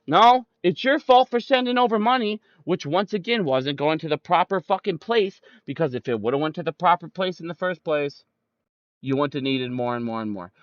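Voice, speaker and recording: A young man with a high voice rants at his listeners, swearing hard and picking fights with every point. The sound is dull and dry, as if from a cheap mic held close. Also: moderate pace, dry recording. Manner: profane, ranting, combative. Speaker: streamer. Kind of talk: political rant.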